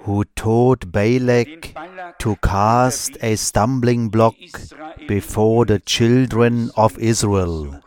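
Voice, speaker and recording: Guy preaching a sermon real slow, lowish voice, short measured phrases. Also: a little mellow.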